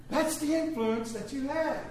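A man's voice: high-pitched, reverberant, noisy background. A man preaching a sermon, telling stories with humor and calling for responses. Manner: storytelling with humor, call and response. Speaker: pastor.

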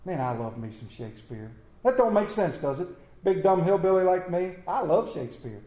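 A man's voice: high voice, expressive, moderate pace, dark tone, roomy sound. A man preaching a folksy sermon, telling homespun stories and reading scripture dramatically.

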